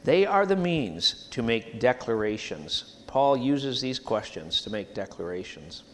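A man preaching a sermon in a church, emphatic and animated, leading the congregation to repeat phrases after him. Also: medium pitch, measured pace. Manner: sings hymn lines at the start.

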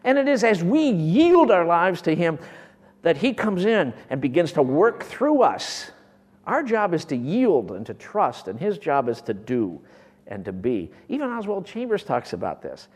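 Male preacher, sermon, impassioned, loud bursts then whispers, high lively voice. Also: measured pace, in a large hall.

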